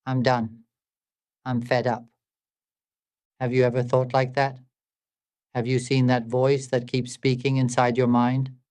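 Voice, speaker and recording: A man delivers a meditative spiritual talk in a steady, level tone that barely rises or falls, at a middle pitch. He sounds calm and measured and keeps asking his listeners rhetorical questions. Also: smooth. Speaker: spiritual teacher.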